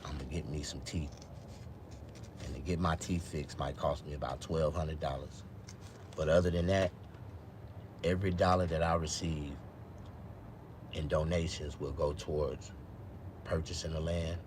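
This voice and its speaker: Deep-voiced man rambling on a live stream. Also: moderate pace, pauses often, background noise. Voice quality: speech loose from missing teeth. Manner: rambling, swears a lot, swings from low mumbles to loud excited outbursts. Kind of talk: casual live-stream chat.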